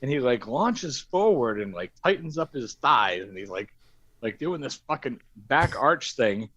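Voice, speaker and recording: A man's voice: mid-range voice, a little slow, no echo. A man telling a crude anecdote on a casual stream, swearing and acting out the quotes. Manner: profane, animated storytelling with acted-out quotes. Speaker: storyteller on a stream.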